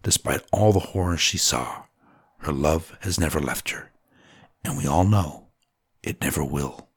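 A man with a deep, husky voice narrates a dramatic story solemnly and deliberately, sometimes sinking to a whisper. The recording is close and dry, with no room sound. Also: no echo.

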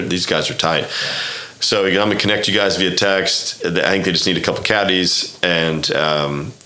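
A man's voice: very deep voice, pushed and bright, roomy sound. A man in his fifties from Oklahoma, a golf club director telling stories as a guest, rambling and acting out quoted conversations. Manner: rambling, acts out quoted dialogue, frequent restarts. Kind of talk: casual storytelling interview.

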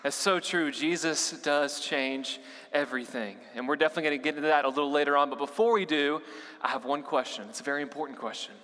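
Playful young male preacher, bright voice. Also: on the high side, quick pace. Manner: playful, joking, addresses the crowd with questions. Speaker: youth pastor. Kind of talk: humorous sermon to a church congregation. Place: church auditorium. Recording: long reverberant hall.

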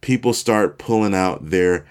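A man in his forties hosting a podcast, telling a story in a relaxed, self-deprecating way. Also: sits low, measured pace, clean tone. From Chicago, USA. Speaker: podcast host. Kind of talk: casual storytelling monologue.

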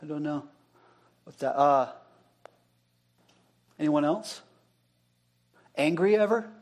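A man's voice: fairly high pitch, slow pace, darkish tone. A male pastor giving an interactive sermon, talking casually and asking the congregation questions, then repeating their answers back.

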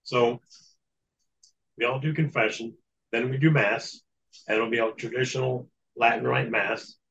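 A man's voice: medium pitch, fairly even intonation, measured pace, creaky, a bit bright, dull audio. A man speaking as a guest in an interview, telling a long story in an earnest, matter-of-fact way. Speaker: guest recounting exorcism experience.

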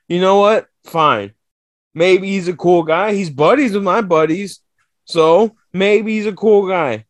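A man co-hosting a podcast in casual chat, swearing freely and telling stories with lively energy. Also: high-pitched, a little slow, no room sound. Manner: profane, animated storytelling with mock voices. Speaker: podcast co-host.

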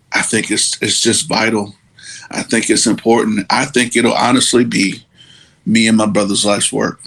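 A man hosting a podcast, speaking in an earnest, halting and emotional way. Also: mid-range voice, gravelly, a bit bright, husky. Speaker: podcast host. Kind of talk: emotional personal monologue.

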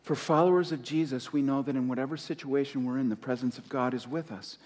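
A man preaching a sermon as pastor, impassioned, repeating key phrases and letting his voice rise and fall with pauses. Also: mid-range voice, a little mellow, in a large hall.

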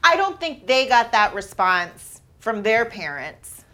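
Reserved woman with a lively pitch. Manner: reserved, measured, laughs easily. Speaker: co-host, wife. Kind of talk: casual chat.

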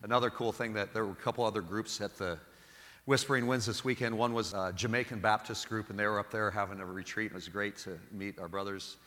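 A middle-aged Catholic priest gives a homily full of animated, self-deprecating stories. His voice sits fairly low, and each phrase rings out in the long reverb of the church. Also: fast talker.

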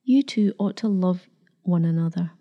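A woman reading a quiet, gentle young husband. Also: lowish voice, normal speed, lo-fi sound, close to an everyday voice. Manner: quiet, hushed. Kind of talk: storybook reading.

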